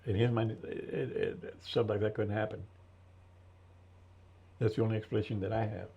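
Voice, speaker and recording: A man in his seventies, an interview guest and military veteran, telling his story slowly and thoughtfully with many restarts in a gravelly voice. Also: on the low side, fairly even intonation, dark tone. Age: 70s. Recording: dull lo-fi recording.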